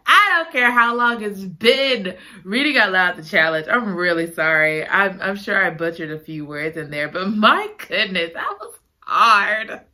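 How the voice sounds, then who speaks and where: Bright, chatty woman podcast host. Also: medium pitch, unhurried. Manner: chatty, animated, laughs at her own slips. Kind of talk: casual chat and book reading.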